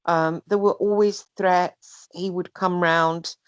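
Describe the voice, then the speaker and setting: A woman telling a personal story in casual chat, rambling and animated, sometimes mimicking other people. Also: lowish voice, slow, smooth, no room sound, dull audio. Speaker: guest.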